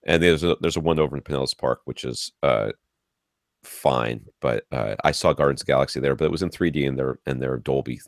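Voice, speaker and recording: A man around forty hosting a podcast, telling ranting stories in a casual, animated way with lots of restarts. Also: extremely low pitch, a little fast, creaky, no room sound, studio quality. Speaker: podcast host.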